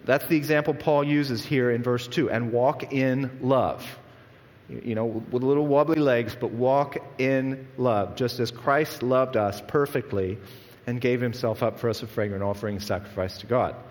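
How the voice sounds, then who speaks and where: A man's voice: medium pitch, fairly even intonation, moderate pace, darkish tone. A man preaching a sermon as pastor, in an earnest, conversational way with frequent restarts. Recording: long echo of a large hall.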